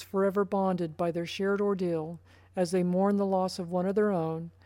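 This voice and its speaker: A woman narrates a story in the first person with a plain, steady reading voice. Her tone is mellow and soft-edged. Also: on the low side, dry recording.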